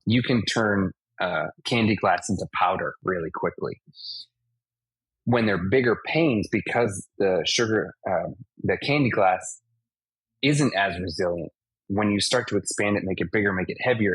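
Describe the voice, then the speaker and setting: A man in his forties from Massachusetts, a stunt performer telling animated stories in an interview and acting out the impacts. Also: low-pitched, slightly rough, no room sound, poor audio. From United States (Massachusetts). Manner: animated anecdotes, acts out impacts and sound effects. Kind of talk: casual storytelling interview.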